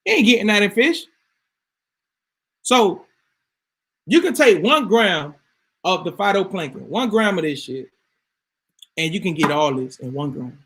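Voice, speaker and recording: Emphatic fast-ranting man. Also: sits high, slightly rough. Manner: emphatic, swears freely, rising to yelling. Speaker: vlogger. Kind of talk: casual rant to camera.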